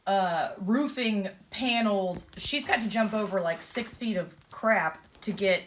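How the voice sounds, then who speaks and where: A woman, casually telling a lively story and acting out the exchanges she had along the way. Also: medium pitch, measured pace, slight background noise. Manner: lively, vivid retelling with quoted exchanges. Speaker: emu owner telling a story.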